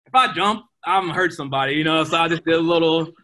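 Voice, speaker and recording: A young man, a pro baseball player, telling animated stories in a casual interview, full of fillers. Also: a little high, quick pace. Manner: animated, excitable, many fillers. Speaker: guest, professional baseball player.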